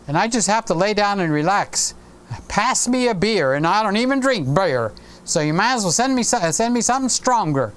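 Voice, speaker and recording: A man's voice: high voice, fairly bright tone, clean tone. A man in his sixties hosting a casual live stream, rambling chattily and reading viewer comments aloud. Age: 60s.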